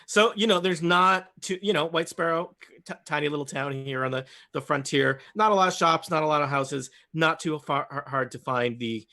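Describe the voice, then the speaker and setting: Bright guy gm, rambly improvised narration, kinda high pitched. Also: normal speed. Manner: rambling, self-interrupting improvised description. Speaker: game master. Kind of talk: narrating a tabletop game.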